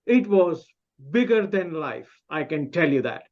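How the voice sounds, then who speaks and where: A man giving a humorous, self-mocking personal story speech at a club meeting over a video call, pausing and restarting often. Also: fairly high pitch, sing-song, highs cut off. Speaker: club speaker.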